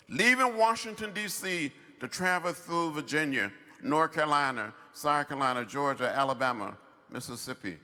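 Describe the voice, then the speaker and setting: A man in his seventies delivers a commencement address in fervent, preacher-like cadences, driving his point home through short repeated phrases. His voice sits fairly high and sounds bright and forceful. It carries over a public address system into a long reverberant tail. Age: 70s. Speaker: commencement speaker. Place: large outdoor ceremony over loudspeakers.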